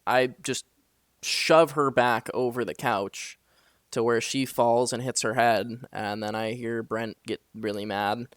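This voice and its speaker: Young man, dry close sound, halting storyteller who leans on fillers. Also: medium pitch, steady tone, dry recording. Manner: halting, filler-heavy retelling. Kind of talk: casual spoken dream story.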